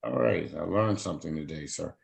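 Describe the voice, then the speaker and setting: A man's voice: deep voice, a little fast, gravelly, low-quality recording. A man presiding as a judge, formally reading out charges, fines and rights in a court hearing. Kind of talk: court proceedings over a video call.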